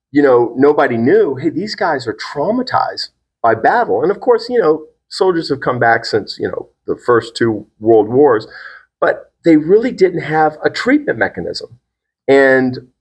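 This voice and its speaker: A man's voice: on the high side, breathy edge. A middle-aged man hosting a podcast with his son, talking in an earnest, encouraging and reflective way. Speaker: podcast host, father. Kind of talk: casual conversation.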